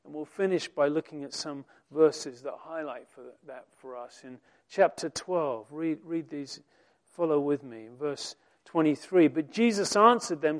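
A man preaching a sermon, reading scripture aloud and swelling loud and slow on the quoted lines. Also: a little high.

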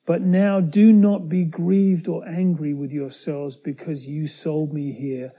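A man preaching a sermon, retelling a scripture story with dramatic swings from loud to hushed as he voices the characters. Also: a little high, little pitch movement, slow pace, dull audio.

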